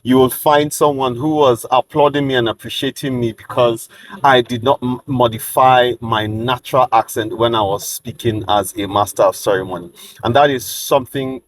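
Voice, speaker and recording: A man's voice: mid-range voice, fairly even intonation, poor audio. Nigerian man coaching fellow emcees. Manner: measured, emphatic, uses deliberate pauses. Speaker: master of ceremonies giving advice. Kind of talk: coaching talk to camera.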